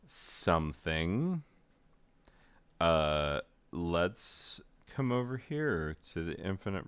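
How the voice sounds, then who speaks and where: A man rambling through joking, deadpan commentary while playing a game, with goofy asides and mock rapping. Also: sits low, clear, resonant tone, dry recording. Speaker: gaming video host.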